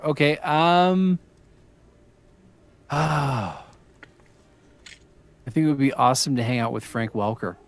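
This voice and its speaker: A man, a voice actor and a father, chatting casually as a podcast guest, pausing often with fillers and restarts. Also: medium pitch. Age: adult with young children. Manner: hesitant, many fillers and restarts.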